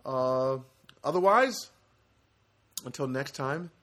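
A man's voice: mid-range voice, lively intonation, slow pace, fairly bright tone. A middle-aged man hosting his own comedy podcast from a studio apartment, rambling through a story and acting out both sides of a conversation. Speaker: podcast host. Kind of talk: solo comedic podcast monologue.

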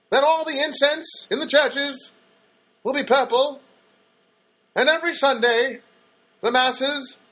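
A man's voice: very high-pitched, fairly bright tone, pitched above the performer's own voice, full character voice. A man putting on the voice of a pompous male papal candidate giving a grand campaign speech.

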